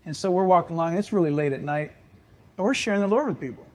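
High-voiced older man preaching. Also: fast. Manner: animated, jokey storyteller with rising excitement. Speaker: pastor. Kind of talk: sermon storytelling.

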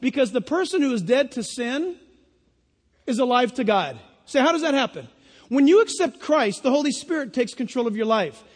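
A man preaching a sermon, lively and animated, acting out little voices and laughing at his own jokes. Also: very high-pitched, moderate pace. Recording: long hall reverb.

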